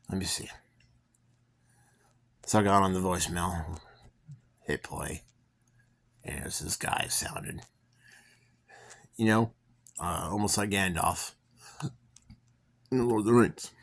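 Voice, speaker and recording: Low-voiced young man telling a story. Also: creaky, a bit bright. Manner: rambling, full of fillers and restarts, yawning. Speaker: vlogger. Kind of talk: casual storytelling to camera.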